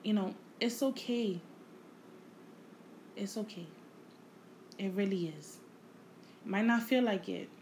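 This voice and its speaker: A woman hosting her own podcast, talking without a script in a reflective, halting way, repeating phrases and swearing casually. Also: medium pitch, darkish tone, a little hiss or hum, rough recording. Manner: emotional, candid, casual swearing. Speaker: podcast host. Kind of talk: unscripted personal monologue.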